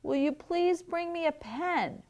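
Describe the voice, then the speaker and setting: A woman's voice: very high voice, lively intonation, a little slow, a little mellow, voice pushed up. Woman voicing a patient bunny dad. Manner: plain, patient request. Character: patient bunny father asking for help.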